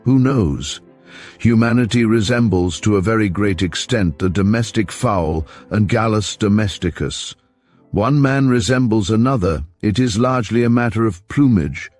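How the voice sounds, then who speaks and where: A man voicing a fussy, mild middle-aged investigator who speaks softly and pedantically, low in pitch, for an audiobook. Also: animated, moderate pace, soft background music, lightly acted. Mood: prim.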